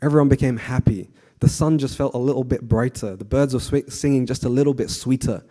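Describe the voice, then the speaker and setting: A man giving a conversational devotional class to a temple audience, often asking the audience questions and pausing with fillers. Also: medium pitch. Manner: frequent fillers and restarts, relaxed.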